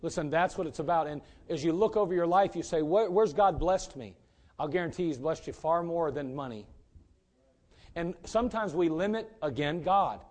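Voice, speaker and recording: Emphatic preacher, slightly high voice. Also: male voice, lively intonation, a little fast. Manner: emphatic, rising to loud preaching peaks. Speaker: pastor. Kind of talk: sermon.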